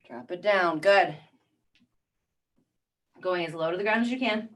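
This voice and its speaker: A woman's voice: fairly low pitch, a little slow, far from the mic. Woman coaching a workout, off-mic. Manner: encouraging counting cues, calm coaching. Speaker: fitness instructor. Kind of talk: guided workout class.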